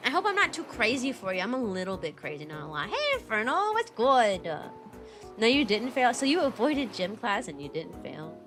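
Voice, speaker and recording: A young woman chatting casually on a livestream, bubbly and animated, laughing often as she reads viewer messages aloud. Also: medium pitch, moderate pace, over music. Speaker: VTuber streamer and kindergarten teacher.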